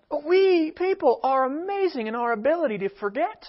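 A man's voice: extremely high pitch, animated, normal speed, hardly any pauses. A man preaching a sermon, emphatic, with rhetorical questions and acted-out quotes, heard on a dull lo-fi recording. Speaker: pastor. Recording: dull lo-fi sound.

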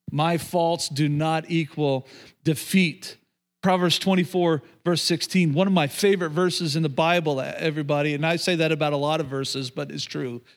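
A middle-aged man preaching to a congregation, repeating phrases and restarting sentences as he calls out to the room. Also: fairly high pitch. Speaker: pastor. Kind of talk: sermon.

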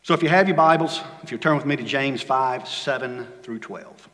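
Man preaching in a reverberant hall. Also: moderate pace. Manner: dynamic preaching, swings from loud emphasis to hushed low lines. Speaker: pastor. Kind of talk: sermon. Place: church sanctuary.

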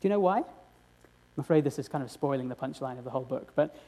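A man's voice: medium pitch, animated, quick pace, mellow. A man preaching a sermon, earnest and direct, often asking his congregation rhetorical questions.

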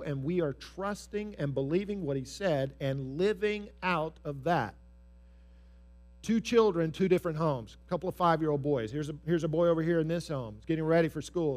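Earnest male pastor preaching in church, slightly high-pitched. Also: animated, moderate pace, faint music behind. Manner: earnest, repetitive emphasis. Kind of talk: sermon.

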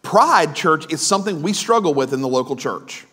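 A man's voice: on the high side, animated, moderate pace, pushed and bright, husky. A male pastor giving a conversational sermon, full of asides, restarts and questions to the congregation.

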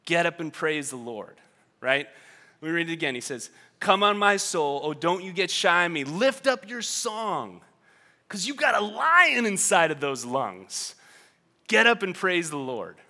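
A man preaching with a high, bright voice. He swings from quiet reflection to shouted exhortation and often repeats himself mid-thought. His tone is bright and forceful. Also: big pitch swings, unhurried. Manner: repeats words and restarts when thinking. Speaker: pastor. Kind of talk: sermon.

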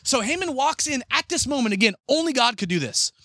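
A man preaching a sermon as pastor, retelling a story and acting out the characters' lines in a lively way. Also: very high-pitched, fairly quick, dry recording.

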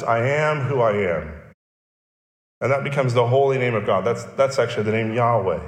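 Man preaching in an echoey hall. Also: medium pitch. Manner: explanatory, emphatic repetitions. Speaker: pastor. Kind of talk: sermon.

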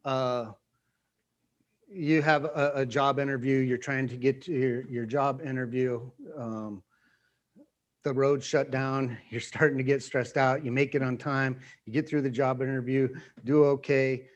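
A man's voice: medium pitch, fairly even intonation, unhurried, highs cut off. A man preaching a conversational sermon to a small group, repeating phrases and acting out quoted voices. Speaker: pastor.

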